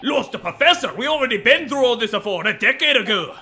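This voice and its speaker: A man doing a put-on Scottish accent as a gruff, blustering prison governor while reading a video game aloud. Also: very high voice, animated, fast, bright, forceful tone, soft background music, voice pushed up, heavily acted. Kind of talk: video game voice acting on stream.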